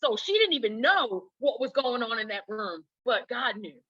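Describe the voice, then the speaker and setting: A woman cast member sharing a personal story in an interview, animated as she acts out her own thoughts. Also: on the high side, normal speed, dull audio.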